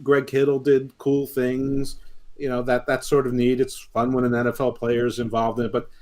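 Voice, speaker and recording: A man's voice: mid-range voice, monotone, normal speed, a little mellow. Opinionated man ranting about wrestling. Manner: opinionated, rambling rants with stammered restarts. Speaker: podcast co-host, wrestling pundit. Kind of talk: casual chat.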